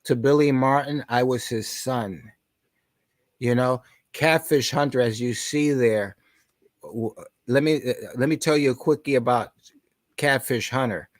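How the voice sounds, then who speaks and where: A man in his sixties, a podcast guest, telling stories in conversation and shouting out the lines of the people in them. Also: medium pitch, measured pace, dry recording. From New York. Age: 60s. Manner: animated, shouts out quoted lines. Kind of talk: storytelling in conversation.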